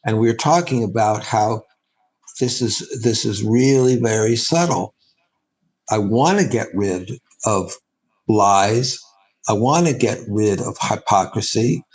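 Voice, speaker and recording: A man, a spiritual teacher, giving a reflective answer in an interview, halting and restarting as he thinks. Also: on the low side, darkish tone, rough recording. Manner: halting and thoughtful, with frequent restarts and pauses.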